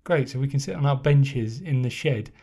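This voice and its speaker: A man's voice: medium pitch, moderate pace, mellow, slight background noise. A man, trading sarcastic, exasperated banter as co-host of a casual film podcast. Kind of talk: casual chat.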